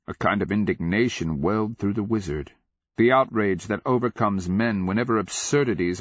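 A man narrating a fantasy audiobook in a measured, grave, deliberate way. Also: fairly low pitch, dry recording. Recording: dull lo-fi audio.

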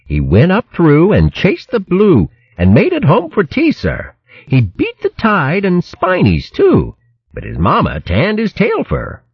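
A man's voice: high-pitched, huge pitch swings, a little slow, breathy edge, no echo, voice pushed up, exaggerated voice. A man voicing an eager, proud young male hare with a singsong delivery, on a dull lo-fi recording. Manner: singsong rhyming.

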